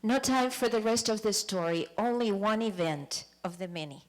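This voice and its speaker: A woman's voice: mid-range voice, animated, moderate pace. Earnest woman giving personal testimony. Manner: earnest, emphatic, with hesitant fillers. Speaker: guest speaker sharing testimony.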